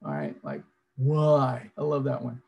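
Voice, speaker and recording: A man's voice: high-pitched, expressive, unhurried, vocal fry, lo-fi sound. A man presenting an interactive online seminar over a video call, coaching his audience and repeating his prompts.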